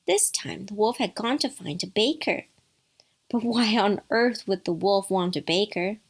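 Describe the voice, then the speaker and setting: A woman's voice: medium pitch, expressive, a little slow, creaky, breathy edge. A woman narrating a bedtime story with playful asides to the listener.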